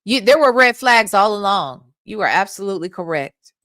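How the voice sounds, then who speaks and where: A woman's voice: medium pitch, expressive, normal speed, a bit bright, no room sound, clean studio sound. A woman streaming live, talking bluntly and with profanity straight to her chat. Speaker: streamer reacting to a radio segment.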